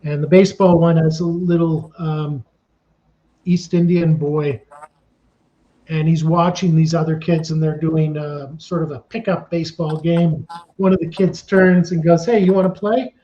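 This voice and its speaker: High-voiced man in his sixties telling stories. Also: unhurried. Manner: animated, acts out the scenes he describes. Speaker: casting director. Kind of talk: storytelling in an interview. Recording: dull lo-fi sound.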